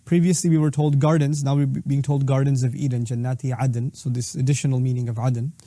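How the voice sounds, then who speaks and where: A man's voice: medium pitch, level tone, quick pace, dark tone, dry recording, clean studio sound. A middle-aged man giving an explanatory, emphatic lecture on Quranic verses, reciting short passages in Arabic. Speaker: Islamic speaker.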